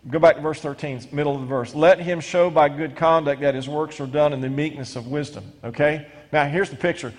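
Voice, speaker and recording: A middle-aged male pastor preaching a sermon, animated and stumbling into quick restarts as he reads scripture and explains it. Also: a little high. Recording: long hall reverb.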